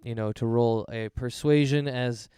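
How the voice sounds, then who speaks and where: A man's voice: mid-range voice, steady tone, measured pace, warm tone, clear, resonant tone, dry recording, clean studio sound. A man running a tabletop game as game master, explaining rules and narrating in an easygoing way.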